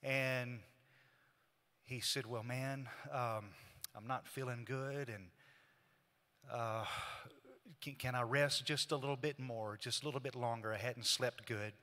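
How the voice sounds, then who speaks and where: Guy eulogizing his brother at church, halting and emotional, voice rings out in a big echoey hall. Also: mid-range voice, steady tone, bright, forceful tone. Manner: halting, emotional retelling with quoted dialogue. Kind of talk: heartfelt eulogy storytelling. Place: church memorial service in a large hall.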